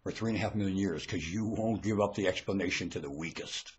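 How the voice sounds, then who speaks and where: A man delivering a preachy, ranting monologue into a webcam microphone, lurching between muttering and shouting. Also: low-pitched, fast, lo-fi sound.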